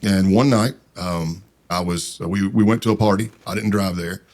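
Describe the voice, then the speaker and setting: A man's voice: low-pitched, fairly even intonation, normal speed, darkish tone. A man telling a long personal story in a casual, rambling way, with many fillers and restarts. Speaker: podcast guest.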